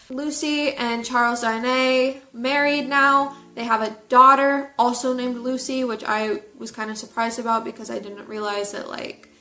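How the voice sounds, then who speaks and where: A chatty young-sounding woman talks through a book she loved, her voice bright and slightly high. She speaks animatedly, peppering her sentences with filler words. The sound bounces around an echoey room. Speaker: book reviewer. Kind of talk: casual book review chat.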